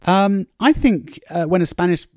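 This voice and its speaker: A man's voice: high voice, animated, normal speed, no echo, clean studio sound. A man giving a casual spoken lesson as a language coach, talking loosely with many fillers and restarts. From England.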